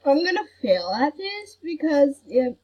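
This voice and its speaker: A woman's voice: high voice, very animated, measured pace, highs cut off. A woman hosting a gaming channel, chatting casually over gameplay and grumbling that she is not mad. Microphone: computer recording mic.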